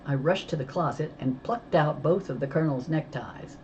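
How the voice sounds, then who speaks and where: A woman with a low voice reads a children's novel aloud, telling the story in a lively way. The recording is slightly dull with a faint hiss underneath. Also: moderate pace. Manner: lively storytelling, voicing characters. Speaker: audiobook reader.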